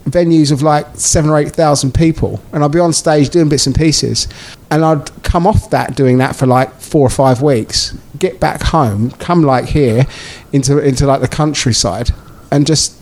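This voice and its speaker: A man's voice: on the high side, normal speed, hardly any pauses, a little mellow. A man co-hosting a podcast in casual chat, rambling with many fillers and restarts. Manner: rambling, lots of likes and restarts. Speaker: podcast co-host.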